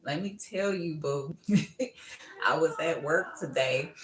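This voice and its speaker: A woman's voice: low voice, slow, fairly bright tone, roomy sound. A middle-aged woman giving a casual live tarot reading, brash and laughing often, calling listeners boo and baby. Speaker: tarot reader.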